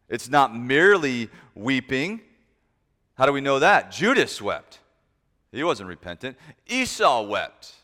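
Male preacher, low smooth voice, emphatic sermon, long hall reverb. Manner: emphatic, swings between loud stresses and soft asides.

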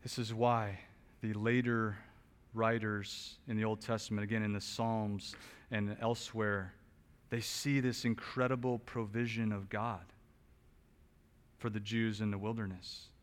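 A man's voice: lowish voice, level tone, unhurried. Male pastor preaching with swelling emphasis. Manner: builds to loud emphatic peaks, then drops quiet; conversational asides with small restarts. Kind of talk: expository sermon.

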